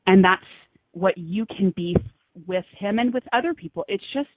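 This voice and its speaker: A woman's voice: medium pitch, normal speed, no echo. A woman chatting as a radio show guest, laughing often and gushing. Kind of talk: giggly casual chat. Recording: tinny phone line.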